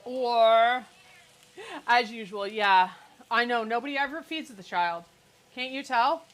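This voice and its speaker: A woman's voice: on the high side, slow pace, a bit bright, rough recording. A woman hosting a cooking livestream from her home kitchen, chatting casually and cracking sarcastic jokes. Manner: chatty, joking, sarcastic asides. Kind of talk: casual live cooking chat.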